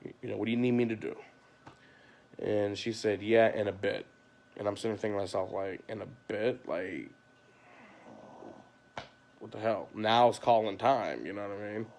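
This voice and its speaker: Gravelly-voiced man venting on a livestream. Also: fairly low pitch, moderate pace, long pauses, a little mellow. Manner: frustrated, rambling, heavy on "you know" and "like". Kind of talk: late-night livestream monologue. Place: at home at night. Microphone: phone camera.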